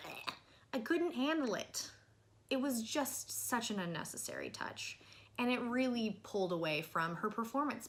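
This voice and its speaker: Bright, animated young woman ranting. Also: medium pitch. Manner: animated, exasperated, swings between loud outbursts and soft asides. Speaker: film review vlogger. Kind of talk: casual ranting review.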